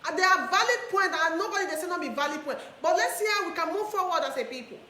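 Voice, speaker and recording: A woman's voice: very high voice, expressive, fast talker, bright, forceful tone, echoey room, a little hiss or hum. A Nigerian woman delivering an impassioned monologue to camera, switching between Pidgin and English and repeating phrases for emphasis. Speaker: online activist speaker.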